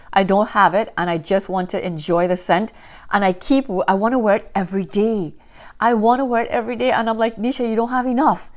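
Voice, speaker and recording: A woman reviewing fragrances in a casual chat to camera, telling stories with lots of enthusiasm. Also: mid-range voice. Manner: enthusiastic, animated storytelling. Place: Canada.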